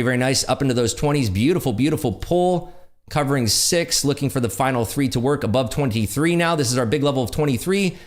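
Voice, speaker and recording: A man hosting a live day trading stream, excitably calling market moves and chatting with viewers. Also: mid-range voice. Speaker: day trading livestream host.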